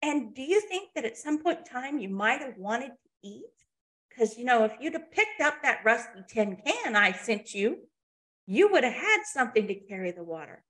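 A woman's voice: fairly high pitch, big pitch swings, slow, hardly any pauses, dark tone. Lady telling a story as god, fed up and sarcastic, scolding some fool. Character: exasperated all-powerful male god.

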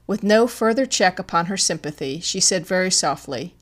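A woman reads a classic detective story aloud as an audiobook narrator. Her pitch sits a little low, and her delivery is measured and expressive.

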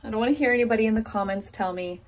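A woman's voice: fairly high pitch, very fast. A woman from Colorado with a Mountain West accent, chatting casually and playfully in a home vlog, giggling as she tries out words. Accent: American Mountain West. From Colorado, USA. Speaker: vlogger. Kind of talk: casual couple vlog chat.

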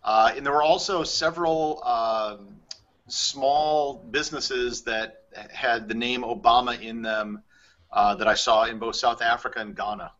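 A man's voice: medium pitch, a little slow, fairly bright tone. A man hosting a travel podcast in casual conversation, thinking aloud with plenty of fillers as he goes. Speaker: podcast host. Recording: slightly muffled audio.

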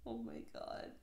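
Slow-talking gushing woman, echoey room. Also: mellow. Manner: gushing, frequent "oh" exclamations and giggles. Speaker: host reacting to animal clips. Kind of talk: casual reaction commentary. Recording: roomy echo.

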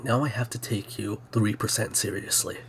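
A man's voice: lowish voice, fairly even intonation, moderate pace, creaky, husky. Joking man commentating gameplay. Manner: joking, sarcastic, muttering asides.

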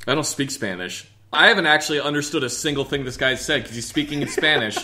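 Man, casual game commentary, sarcastic, bright, animated. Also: medium pitch, fast talker. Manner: sarcastic, teasing. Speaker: game player. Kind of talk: casual gaming chat.

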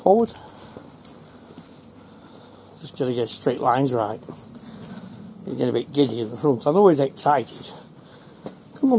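A man's voice: medium pitch, very animated, moderate pace, pauses often, mellow, a little hiss or hum, poor audio. Man from the north of england training his dog. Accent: Northern English. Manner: gives short repeated commands to his dog. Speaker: dog owner vlogger. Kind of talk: casual dog-training vlog.

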